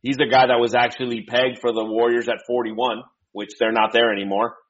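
A man's voice: mid-range voice, little pitch movement, brisk. A man co-hosting a casual podcast, easygoing and agreeable as he weighs draft picks. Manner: easygoing, agreeable, laughs along. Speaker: podcast co-host. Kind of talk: casual draft-pick chat. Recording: dull lo-fi sound.

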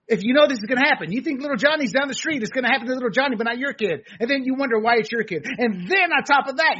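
A middle-aged man hosts a political talk show in an opinionated, lecturing tone, with plenty of filler words. His voice sits high and is husky. The sound is dull and lo-fi. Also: sharp tone. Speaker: host.

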